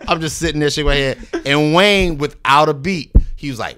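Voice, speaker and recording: This man's voice is on the high side, pushed and bright, and he talks fast with few pauses. He's a recording artist guesting on a podcast, telling a long, laid-back story while swearing freely, acting out the people he quotes, and using "you know what I mean" asides.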